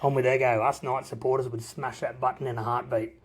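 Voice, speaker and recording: A man's voice: medium pitch, level tone, brisk, breathy edge. A man in a recorded voice message to a podcast, cheekily roasting the hosts. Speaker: listener sending a voice message.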